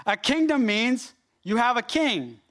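A man preaching a sermon, animated and emphatic, speaking directly to his congregation. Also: very high voice, a little slow. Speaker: pastor.

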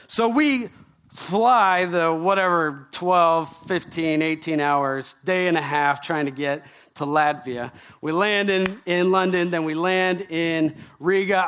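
A middle-aged man from Canada, a pastor giving a sermon, telling a story with lively rhetorical questions. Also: fairly high pitch.

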